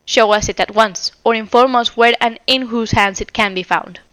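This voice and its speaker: A woman's voice: a little high, normal speed, fairly bright tone, no room sound, natural voice. A woman doing a cold, hot-tempered man. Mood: accusing. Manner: cold, cutting.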